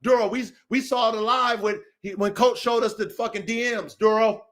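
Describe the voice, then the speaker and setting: A man with a notably high speaking voice delivers a heated, profane rant on his podcast. He talks in a confrontational way, circling back over the same points and calling people out by name. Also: steady tone, moderate pace, a bit bright. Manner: profane, confrontational, repetitive, calls out names. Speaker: podcast host.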